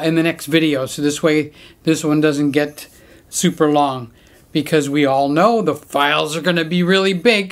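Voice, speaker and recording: A middle-aged man chatting casually in a home unboxing vlog, joking around and talking to his pets in a Christmas-decorated room. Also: fairly high pitch. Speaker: camera vlogger.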